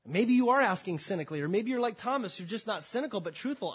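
A man preaching a sermon to a congregation, emphatic, swinging between loud declarations and quiet, drawn-out phrases. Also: high-pitched, animated, husky. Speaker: pastor. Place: church before a congregation.

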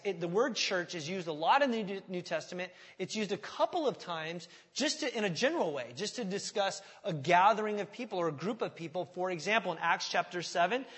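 A man's voice: high voice, a bit bright, long reverb tail. A man preaching a teaching sermon to his church. He talks in a conversational way, checking in with "okay?" and restarting his sentences. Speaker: pastor.

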